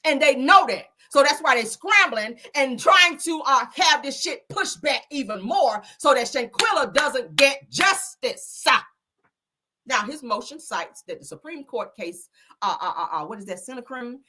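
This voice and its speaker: A woman hosting her own casual commentary show, ranting with heat and heavy swearing. Her voice is bright and sharp, a little higher than most. Her pitch swings widely as she gets worked up. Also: animated, unhurried. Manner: heated, profane, emphatic ranting.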